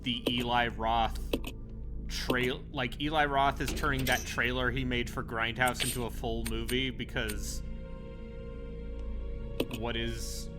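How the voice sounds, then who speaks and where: A man's voice: mid-range voice, flat delivery, slow pace, pauses often. A man chatting casually on a live stream, with dry sarcastic remarks. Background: game music.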